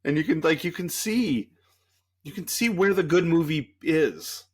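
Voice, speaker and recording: Lively, joking man co-hosting a podcast. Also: a little high, measured pace, breathy edge. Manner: joking, sarcastic. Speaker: podcast co-host. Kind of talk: casual chat.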